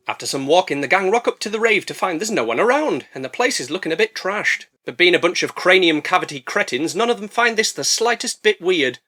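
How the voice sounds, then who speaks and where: A man's voice: high voice, big pitch swings, fairly quick, few pauses, sharp tone. A man narrating a comedic movie review, sarcastic and full of swearing. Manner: sarcastic, profane, jokey. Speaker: film reviewer.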